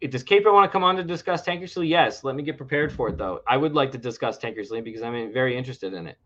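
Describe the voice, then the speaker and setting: A man's voice: mid-range voice, expressive, fast talker, a bit bright. Ranting man on a lo-fi livestream. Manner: ranting, sarcastic. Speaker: livestream co-host. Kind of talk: casual livestream chat. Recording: lo-fi stream audio.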